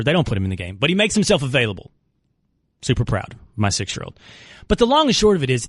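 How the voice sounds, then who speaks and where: A middle-aged man hosting a sports radio show, telling a story in a lively, rambling way full of restarts and repeats. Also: medium pitch, no echo, studio quality. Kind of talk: casual talk radio monologue.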